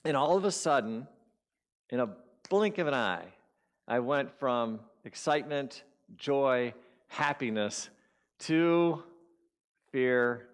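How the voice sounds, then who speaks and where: Invited as a guest speaker at a spiritual community, a man delivers a sermon built around a personal story, acting out his inner voices. His medium-pitched voice is animated, and he takes it slowly with long pauses.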